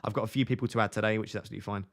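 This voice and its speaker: A man's voice: lowish voice, steady tone, very fast, vocal fry. A man in his twenties on a casual live stream, reading viewers' comments aloud and answering them. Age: 20s.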